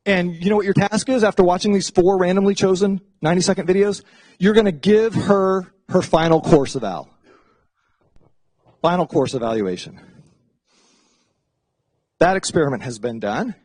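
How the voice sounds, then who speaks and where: A middle-aged man giving a casual classroom lecture as a psychology professor, chatty and animated, often slipping into playful voices for asides. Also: sits high, moderate pace, pauses often, dry recording.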